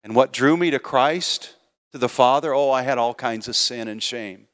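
An older male preacher delivers a heartfelt sermon in a church sanctuary, moving from quiet personal storytelling to loud, emphatic calls to faith. His voice sits at an ordinary middle pitch. The sound carries a long, lingering reverb from the hall. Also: normal speed, smooth. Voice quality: earnest storytelling, swelling to loud emphatic appeals.

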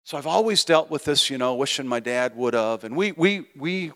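A man's voice: mid-range voice, animated, normal speed. Older guy preaching at church, earnest testimony then big emphatic build, long echo off the hall. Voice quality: earnest storytelling, swelling to loud emphatic appeals. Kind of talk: sermon with personal testimony. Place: church sanctuary.

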